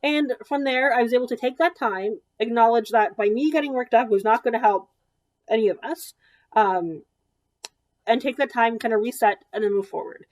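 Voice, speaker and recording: A woman in her thirties with a slightly high voice talks parents through practical advice on children. She speaks plainly and conversationally, with frequent ums and little restarts, keeping a gentle, practical tone. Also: normal speed. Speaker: child development therapist. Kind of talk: educational presentation.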